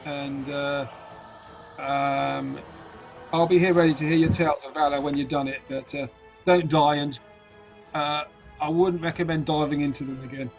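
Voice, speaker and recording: A man's voice: a little high, fairly even intonation, moderate pace, long pauses, soft background music, close to an everyday voice. A man doing a smug, wry official.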